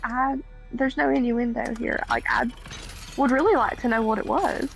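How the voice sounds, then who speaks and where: Sleepy Appalachian woman, high and gravelly. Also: fairly even intonation, faint music behind, rough recording. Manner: halting, trailing off. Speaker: stream guest.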